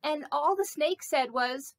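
A woman's voice: high voice, a little slow, no room sound. A woman doing a vain chatty snake puppet. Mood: playful. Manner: playful, vain, rambling asides. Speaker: pastor. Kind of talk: children's sermon puppet play.

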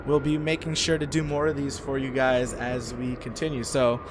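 A man playing a horror video game and commenting, excitable and quick to freak out. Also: mid-range voice, a little hiss or hum. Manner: excitable, easily startled, chatty. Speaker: gaming youtuber. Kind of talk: let's play commentary.

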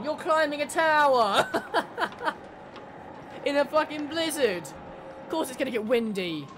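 A woman's voice: high-pitched, animated, slow, long pauses, background noise. A woman commentating her horror game playthrough, sarcastic, swearing and laughing at the characters. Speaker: gamer. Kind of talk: let's play commentary.

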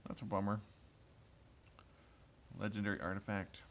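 A man's voice: lowish voice, level tone, moderate pace, a little hiss or hum. A man in his thirties casually rambling as he opens trading cards, chatty and enthusiastic, with lots of asides and fillers. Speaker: card collector opening packs. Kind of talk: casual rambling commentary while opening cards.

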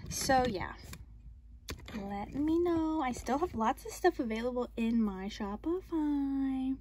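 A chatty young woman with a fairly high voice talks through her latest purchases in a casual vlog. She gushes and gets excitable over her finds. Steady noise runs clearly behind her. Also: slow. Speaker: vlogger showing her purchases.

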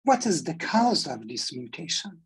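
A woman in the audience asking a question in a webinar, halting and polite. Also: deep voice, sing-song, breathy edge, rough recording. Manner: halting, polite, repeats thanks.

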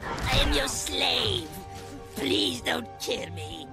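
A woman voicing a small, sly ratlike creature in a video game, whiny and gravelly, that goes from cowardly to scheming. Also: animated, drawn-out words, heavily acted. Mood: wary. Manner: whiny, swings wildly in pitch. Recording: game audio over music.

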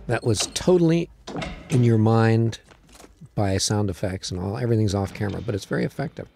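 A man's voice: lowish voice, brisk, creaky, warm tone, faint music behind. A man, a film producer, chatting through a film commentary and remarking on scenes to the director. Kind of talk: DVD audio commentary.

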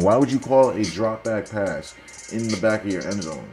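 A young man casually breaking down football highlights for viewers, analytical and sarcastic, talking straight to the audience. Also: fairly quick, a little mellow, faint music behind. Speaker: football video commentator.

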